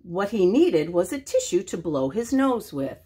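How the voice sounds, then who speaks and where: An older woman reading a children's story aloud, expressive and animated. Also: medium pitch, unhurried, breathy edge.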